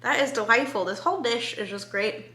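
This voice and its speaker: A woman's voice: on the high side, fairly quick, sharp tone. A woman food vlogger, bubbly and enthusiastic, giving a casual review of a dish at home in her kitchen.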